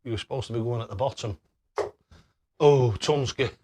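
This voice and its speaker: A man's voice: mid-range voice, normal speed, noisy background. A young man hosting a live stream, chatting casually and thanking viewers by name. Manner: cheery, excitable.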